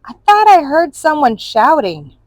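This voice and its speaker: Lady reading as a curious little boy, high and keen. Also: measured pace. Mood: excited. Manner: excited, questioning. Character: young boy, curious and hopeful.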